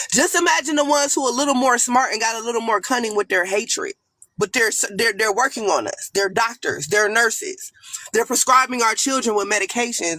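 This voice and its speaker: A woman's voice: high voice, sharp tone, dry recording. A woman with an African American accent giving a blunt, profane, rambling rant as a guest on a live stream panel. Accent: African American English.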